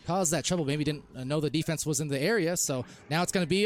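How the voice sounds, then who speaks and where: A man casting a live esports match, calling plays quickly and rising to shouts when goals are scored. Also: on the high side. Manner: excitable, rises to shouts on goals. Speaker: esports caster. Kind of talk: live play-by-play commentary.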